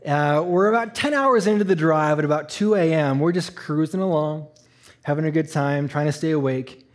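Animated man telling a sermon story. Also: a little high. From Eastern Canada. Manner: animated storyteller, laughing, acting out voices. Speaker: church speaker.

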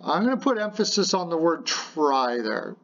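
A man's voice: on the high side, sing-song, normal speed, a bit bright, dull audio. A man hosting a casual hockey rumour show from his apartment, playful and jokey, rambling with lots of fillers. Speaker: hockey podcast host. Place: home apartment.

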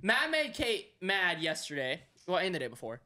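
A man's voice: high-pitched, huge pitch swings, moderate pace, sharp tone. A man co-hosting a casual podcast who teases his co-hosts and sets up their stories. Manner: teasing and playful, sets up others' stories. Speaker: podcast co-host. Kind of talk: casual chat.

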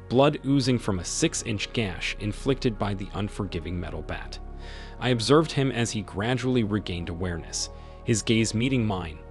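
A man reading a first-person story aloud as scripted narration, in a measured, dramatic way. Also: on the low side.

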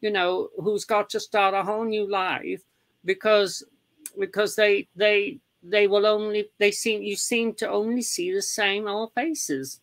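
A woman guest in an interview, talking in a rambling, halting way with many fillers. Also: medium pitch, steady tone, no echo. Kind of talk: casual chat.

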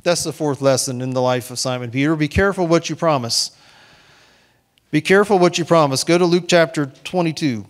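A man delivering a church sermon with a voice pitched a little higher than most men. He preaches earnestly in a conversational way, repeating words and restarting phrases, and speaks reassuring lines as if in God's voice. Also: a little fast, few pauses. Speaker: pastor.

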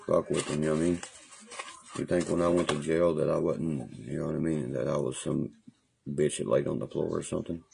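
Parked in his car, a livestream vlogger with a creaky, breathy bass voice tells rambling, profane jail stories from his phone. He's casual and animated, laughing as he goes.

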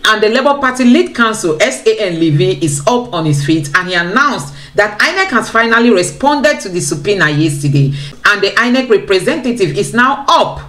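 A woman's voice: medium pitch, animated, a little fast, fairly bright tone. A young woman, hosting her channel and reading a court transcript aloud while chatting to her viewers. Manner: engaged, chatty, addresses viewers as guys. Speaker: channel host.

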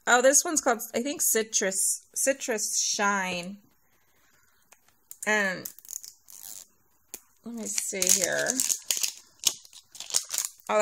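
A woman vlogger unboxing a package, sweet and gushing and thankful, sounding sleepy and a little hoarse. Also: medium pitch, background noise. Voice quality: gravelly vocal fry. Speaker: nail vlogger opening a giveaway package. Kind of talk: casual unboxing chat.

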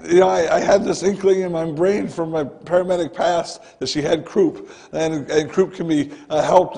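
A man preaching in a church with a slightly raised pitch and a dark, gravelly, fry-laden voice. His sermon is earnest and conversational, like talking straight to the congregation. He keeps circling back to address them directly. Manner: earnest, conversational preaching, often starting with "listen". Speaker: pastor. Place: church sanctuary.

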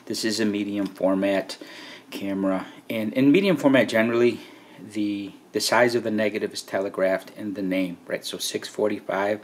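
A man giving a relaxed, conversational hands-on walkthrough of a camera, often checking in with "right?" and "okay". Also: fairly low pitch, normal speed, slight background noise. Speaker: camera reviewer.

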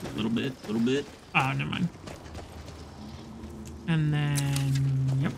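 A man playing a video game and commenting casually, excitable and swearing, taunting the enemies he fights. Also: mid-range voice, measured pace, gravelly, pauses often, a little hiss or hum. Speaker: let's play host.

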